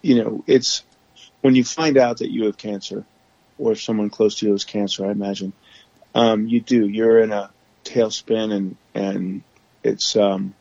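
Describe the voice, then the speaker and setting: A podcast guest, a man with a low voice and a gravelly, fry-edged texture. He talks candidly, stopping and restarting his sentences often. The audio is dull and dry, like a remote call. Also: fairly even intonation, mellow, no room sound. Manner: halting, with frequent restarts and fillers. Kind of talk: candid conversational storytelling.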